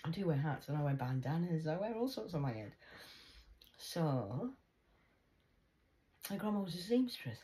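A woman with a notably low voice talks in a loose, rambling monologue. She jumps between stories, drops jokey asides and swears freely, in a chatty, unpolished way. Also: big pitch swings, normal speed, pauses often, mellow. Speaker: vlogger.

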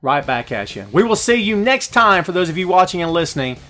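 A man's voice: high-pitched, fairly quick. A male wrestling talk show host ranting at his viewers while he reads out their comments, a bit out of breath. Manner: animated, rhetorical, ranting to viewers. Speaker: podcast host.

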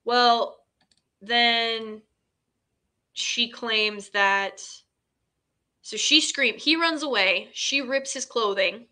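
A woman's voice: fairly high pitch, drawn-out words, long pauses, sharp tone. A woman hosting a casual film recap, chatty and full of fillers, retelling scenes in quoted dialogue. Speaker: host.

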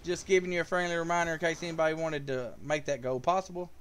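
A man's voice: on the high side, steady tone, fast, fairly bright tone, clean tone. A man giving casual live gameplay commentary, joking with viewers and calling out their names. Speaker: live streamer.

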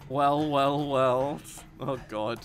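Scared streamer mumbling thru a horror game, slow drawn out talk, swears and yells no a lot. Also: medium pitch, fairly even intonation. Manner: jumpy, swears a lot, shouts refusals. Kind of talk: live horror game commentary.

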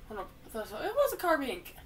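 A woman giving casual, jokey commentary while she plays a video game, with sudden loud outbursts. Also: high voice, huge pitch swings, fast, recorded from a distance, slight background noise. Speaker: gamer playing through a video game.

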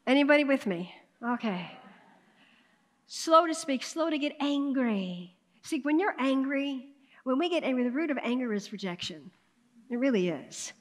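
A woman pastor preaching a sermon, calling out to the congregation, swinging from hushed asides to loud emphatic bursts. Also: sits high, lively intonation, moderate pace. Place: church sanctuary. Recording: long hall reverb of a church sanctuary.

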